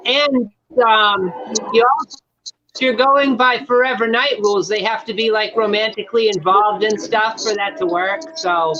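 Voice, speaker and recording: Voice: medium pitch, steady tone, moderate pace, pushed and bright, muffled recording. A co-host in a casual movie watch-along, tossing in dry joking asides. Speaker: podcast co-host.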